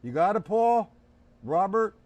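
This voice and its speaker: A man's voice: high-pitched, very animated, measured pace, a little mellow, lo-fi sound. An older man teaching a live-streamed drum lesson, chatty and instructive, calling on viewers by name, with drumming behind him.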